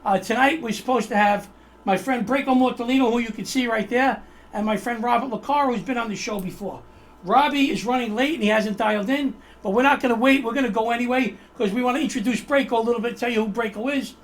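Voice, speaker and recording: A man's voice: very high-pitched, fast talker. A man hosting a casual political chat show over a video call, joking and rambling as he introduces his guest. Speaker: host.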